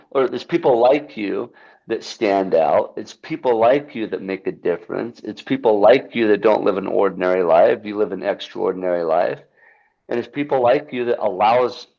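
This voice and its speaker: In a muffled recording, a man with a creaky, darkish, mid-range voice talks as a podcast guest. He is a filmmaker, and his earnest, emphatic remarks about his film and about holding yourself accountable come across as motivational.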